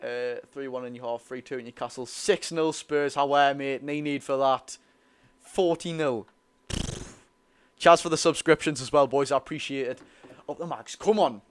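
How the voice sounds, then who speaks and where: Chatty young Geordie fan streamer. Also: male voice, mid-range voice, normal speed, clear, resonant tone. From North East England. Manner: chatty, excitable, reads chat aloud. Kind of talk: casual live watch-along chat.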